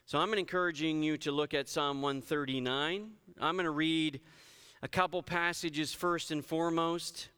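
A man's voice: on the high side, steady tone, normal speed, bright, forceful tone, clear, resonant tone. A man, a pastor, giving a conversational sermon and reading scripture with emphasis. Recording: reverberant hall.

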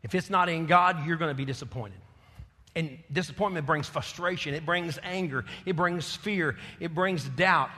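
Male preacher, husky and slightly high, long hall reverb around him. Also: normal speed. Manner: swings from soft and intimate to loud and fervent. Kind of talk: sermon.

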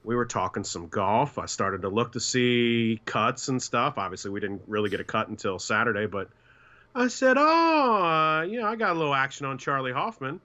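A man's voice: mid-range voice, fairly quick, hardly any pauses, bright, forceful tone, highs cut off. A man co-hosting a casual sports podcast, who tells stories and acts out the voices of the people he quotes. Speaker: podcast co-host.

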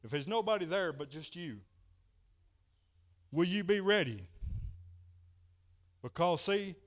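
A man preaches a sermon in a folksy, storytelling way. His voice sits a little high, and he strings his tale together with repeated "he said". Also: expressive, takes it slowly, fairly bright tone.

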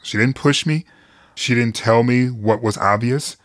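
Speaking a little slowly at medium pitch, this middle-aged podcast guest shares personal stories earnestly and openly, quick to laugh and to swear. The studio-quality recording has no room sound.

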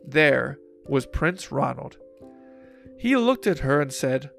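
A man reading a children's storybook aloud, slow and expressive, over soft guitar music. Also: mid-range voice, creaky. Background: faint guitar music.

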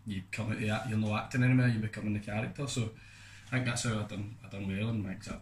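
Fast-talking Scottish young man, echoey. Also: lowish voice, fairly even intonation. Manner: rambling, loose, fond of "do you know what I mean". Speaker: podcast co-host. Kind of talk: casual storytelling. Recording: echoey room with faint noise.

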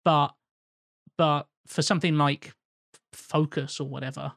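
A man with a slightly high voice, recorded dry and close with no room sound. He talks in a thoughtful, winding way in casual podcast chat, often circling back before making his point. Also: steady tone, measured pace, creaky, a bit bright, no echo.

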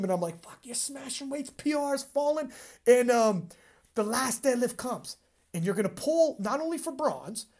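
A woman hosting a casual chat, telling a story in an animated way, swearing freely and acting out her own reactions. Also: medium pitch. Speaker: podcast host and powerlifting commentator.

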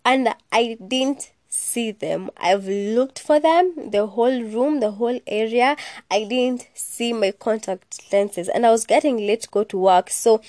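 A young woman talks in a chatty, sassy way on her solo podcast, cursing freely and slipping in Swahili. Her voice sits a little high. The recording is dry and close, with no room sound. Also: measured pace, a little mellow, no echo. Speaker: podcast host. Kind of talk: casual solo podcast chat.

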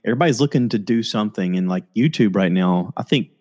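Guy hosting a podcast on a video call, rambly and animated, kinda muffled lo-fi sound. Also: fast talker. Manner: rambling, animated, acts out quotes in a high voice. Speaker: podcast host. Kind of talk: casual chat over video call. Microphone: laptop or USB mic with headphones, video call.

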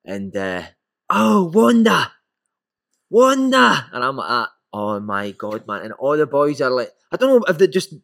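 A Scottish man telling a lively football anecdote in casual chat, swearing and acting out quotes. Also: lowish voice, brisk, few pauses, no room sound, studio quality. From Scotland. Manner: animated storyteller, swears freely, acts out quotes. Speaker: former footballer guest.

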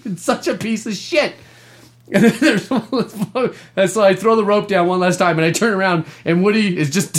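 Laughing, swearing man in gaming chat. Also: high voice. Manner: profane, laughing, animated storytelling. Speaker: podcast co-host.

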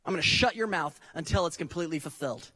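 A man's voice: fairly high pitch, lively intonation, fast, sharp tone, big-room sound, voice pushed down. A man voicing a stern male archangel delivering a message, inside a sermon. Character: powerful male archangel Gabriel, stern messenger.

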